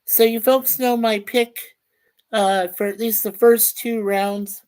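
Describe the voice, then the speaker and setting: A man's voice: high voice, steady tone, slow pace, darkish tone, clear, resonant tone. Chatty man hosting a casual livestream. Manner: reads viewer comments aloud and greets viewers by name; chatty, stumbles and repeats words. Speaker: livestream host.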